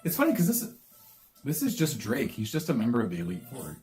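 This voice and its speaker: A man co-hosting a let's-play, thinking aloud in a relaxed way. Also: mid-range voice, fast, faint music behind. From Canada. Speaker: co-host, gamer. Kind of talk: casual let's-play commentary.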